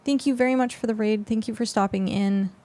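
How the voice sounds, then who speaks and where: A woman's voice: fairly high pitch, steady tone, a little fast, warm tone, no room sound. A young adult woman streamer chatting casually with her viewers on a close mic, rambling with lots of fillers. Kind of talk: casual livestream chat with viewers.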